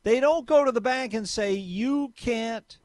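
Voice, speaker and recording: A man's voice: extremely high pitch, a little fast, a little mellow, no room sound. A man hosting talk radio, emphatic and opinionated, speaking into a studio mic. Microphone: studio microphone.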